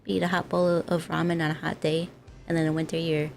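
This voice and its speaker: A woman's voice: low-pitched, little pitch movement, fast, creaky. Giggly young woman chatting with viewers. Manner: rambling and giggly. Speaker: streamer. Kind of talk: casual chat with viewers. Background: faint music.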